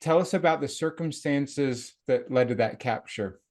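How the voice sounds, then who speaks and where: A man's voice: mid-range voice, moderate pace, darkish tone. A man hosting an interview who asks long, hesitant questions full of filler words. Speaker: interview host.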